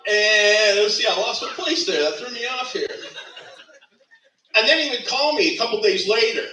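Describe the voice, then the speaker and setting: Heard through a distant mic in an echoey funeral venue with a little hiss or hum, a middle-aged man rambles through a eulogy at a moderate pace. His high voice is expressive, pushed and bright, and he laughs during his stories while fixing his own slips.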